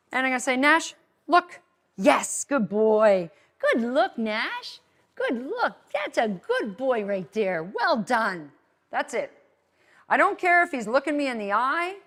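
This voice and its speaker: A woman with a slightly high voice leads a dog training class. She talks in an upbeat way and keeps checking in with her listeners. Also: a bit bright. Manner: upbeat, checks in with frequent "okay?". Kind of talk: live class instruction.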